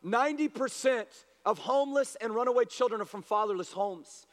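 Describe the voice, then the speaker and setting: Fervent male preacher, strikingly high pitch, booming church reverb. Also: fairly quick. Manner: impassioned, rising to shouted appeals. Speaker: pastor. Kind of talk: sermon. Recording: long hall reverb.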